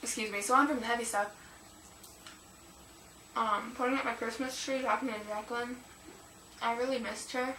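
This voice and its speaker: A woman's voice: a little high, fairly even intonation, moderate pace, pauses often, bright, forceful tone. A teenage girl chatting in a rambling, emotional way for her vlog, with many fillers, recorded at home on a camera mic. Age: teens. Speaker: vlogger. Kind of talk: casual confessional vlog. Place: room at home. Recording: echoey room, distant mic, noisy.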